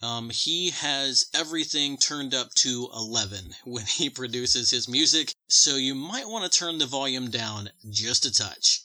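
A man's voice: medium pitch, animated, measured pace, hardly any pauses, pushed and bright, low-quality recording. A man co-hosting a casual podcast about game music, laid-back and joking, rambling with fillers. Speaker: podcast co-host.

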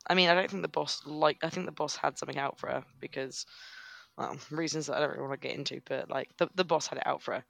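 A man chats on a podcast, crude and quick to react, leaning on "like." His voice is fairly high and gravelly, with a tense, bright edge. It is recorded dry and close. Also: fairly even intonation, no room sound. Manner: crude, reactive, says "like" a lot. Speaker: podcast co-host. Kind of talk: casual chat.

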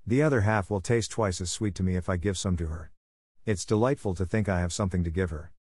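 A man voicing an excitable, chatty orphan girl who gushes eagerly and breathlessly. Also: deep voice, fast, breathy edge, no echo, clean studio sound. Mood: gushing.

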